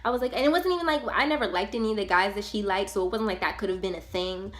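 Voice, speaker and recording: A young woman tells a personal story to her viewers. Her talk is casual, animated and full of slang. Her voice sits at a middle pitch. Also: rapid-fire. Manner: animated, slangy and conversational, with many fillers. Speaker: vlogger. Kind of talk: storytime vlog, casual retelling.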